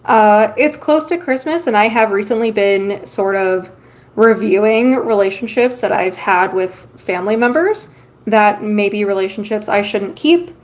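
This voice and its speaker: During a casual live stream, a woman with a medium-pitched, unhurried voice reads tarot for her viewers and chats freely. She fills her speech with ums, and she has the hiccups.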